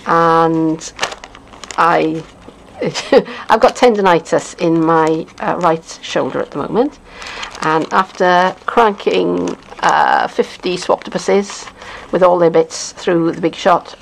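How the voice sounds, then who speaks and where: A middle-aged Welsh woman with a lowish, gravelly voice chats about craft pieces at a table. She rambles, filling gaps with "uh" and little laughs. A faint hiss runs under the close recording. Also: slow pace, rough recording. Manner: chatty, rambling, with frequent fillers and chuckles. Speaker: craft demonstrator. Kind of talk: casual unboxing chat.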